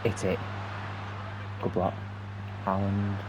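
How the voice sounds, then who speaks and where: A young man commentating on his own football video game match, moving between quiet muttered asides and excited outbursts. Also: sits low, takes it slowly, background noise. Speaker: gaming YouTuber. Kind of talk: gameplay commentary.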